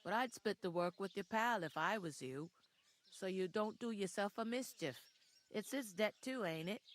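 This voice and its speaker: A woman's voice: medium pitch, expressive, normal speed, natural voice. A woman voicing a blunt Yorkshire tavern keeper. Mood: matter-of-fact. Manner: blunt, gossipy, folksy. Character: brusque village tavern woman, practical.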